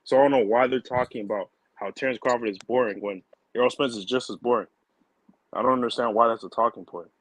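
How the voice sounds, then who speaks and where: A man's voice: medium pitch, steady tone, fast talker, no echo, poor audio. A man on a podcast debate who asks pointed, incredulous questions. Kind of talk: heated casual debate.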